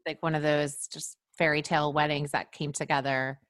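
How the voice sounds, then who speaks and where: A woman's voice: low voice, little pitch movement, moderate pace, a bit bright. Playful woman hosting a podcast. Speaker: podcast host. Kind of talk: interviewing.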